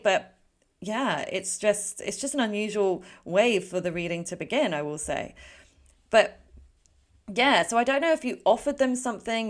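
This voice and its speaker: A woman giving a casual pick-a-card tarot reading in a chatty, rambling way, with frequent fillers and self-corrections. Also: mid-range voice. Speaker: tarot reader.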